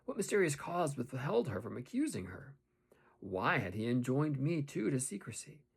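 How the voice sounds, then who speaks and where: Male audiobook narrator, gravelly, husky, lively intonation, classic novel reading. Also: medium pitch, normal speed. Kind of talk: first-person novel reading.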